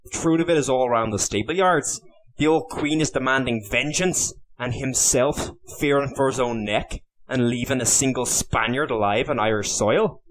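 A man voicing a furious young Irish nobleman who sputters and shouts his indignation in a storybook reading. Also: mid-range voice, moderate pace, natural voice. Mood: bitter.

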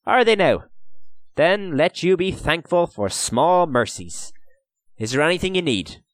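A man's voice: fairly high pitch, lively intonation, measured pace, no echo, voice pushed up. A man voicing a kindly, patient older official with a lilt, earnest and sorrowful as he pleads. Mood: coaxing. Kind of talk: audiobook character voice.

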